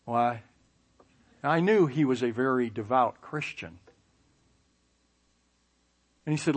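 A man telling a personal story with self-mocking humor, lively sound effects and playful asides. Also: mid-range voice, slow, long pauses. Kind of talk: personal anecdote.

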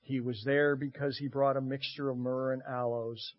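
A man preaching a sermon as pastor, expressive, moving between loud emphasis and quiet asides with dramatic pauses. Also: medium pitch. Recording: muffled lo-fi recording.

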